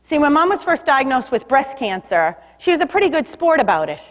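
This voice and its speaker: A woman giving an energetic public talk about body language, leading the audience to repeat after her. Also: sits high, a little fast. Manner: lively, leads audience call-and-response. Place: stage in a large hall. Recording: long hall reverb.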